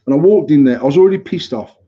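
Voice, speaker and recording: A man's voice: fairly high pitch, lively intonation, rapid-fire, dark tone, husky. A British man in his thirties hosting a podcast, telling a heated, sweary story in casual chat. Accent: British English. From United Kingdom. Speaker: podcast host. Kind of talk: casual chat, ranting anecdote. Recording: slightly muffled lo-fi recording.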